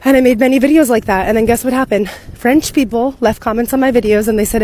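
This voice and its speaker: Fast-talking American woman telling stories. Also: on the high side. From United States. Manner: chatty, animated, swears freely. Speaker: content creator living abroad. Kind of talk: casual storytelling to camera.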